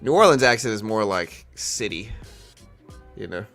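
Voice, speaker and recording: A man hosts a live trading stream, talking loosely and filling gaps with "like" and "you know." His voice sits very low. Faint music plays behind him. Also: expressive, normal speed, fairly bright tone. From South Louisiana. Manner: rambling, filler-heavy, calls viewers bro and dude. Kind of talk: casual live-stream chat.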